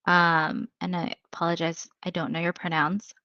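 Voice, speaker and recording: Woman psychic medium, low-pitched, chatty with lots of fillers, dull lo-fi stream audio. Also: flat delivery, normal speed, pushed and bright, no room sound. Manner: chatty, thinks aloud with many fillers. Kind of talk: live reading.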